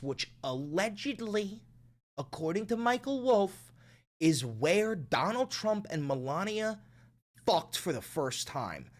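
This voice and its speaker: A man hosting a political commentary stream, talking in a profane, excitable way and laughing often. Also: high-pitched. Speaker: streamer host.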